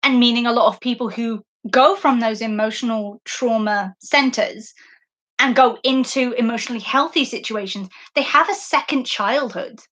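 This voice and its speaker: A woman's voice: fairly high pitch, normal speed, fairly bright tone. A woman podcast host in a casual livestream book discussion, talking effusively and emotionally, often laughing and using fillers.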